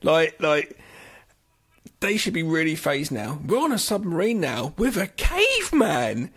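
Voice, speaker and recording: A man co-hosting a casual podcast, quick with jokes and silly put-on voices. His voice is high and swoops all over the place. There is a husky, breathy edge to it. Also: huge pitch swings, a bit bright. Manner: playful, jumps between voices, jokey asides. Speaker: podcast co-host. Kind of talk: casual chat.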